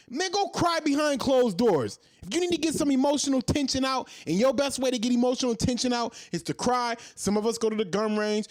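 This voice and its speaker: Heated man ranting with lively pitch. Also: no room sound, clean studio sound. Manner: heated, profane, hammering rhetorical questions. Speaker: commentary host. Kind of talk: ranting monologue.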